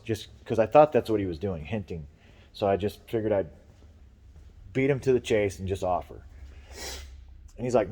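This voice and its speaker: Cast: low-voiced man, rambling, profane vlogger venting about work, casual delivery. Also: lively intonation, normal speed, long pauses, warm tone, big-room sound.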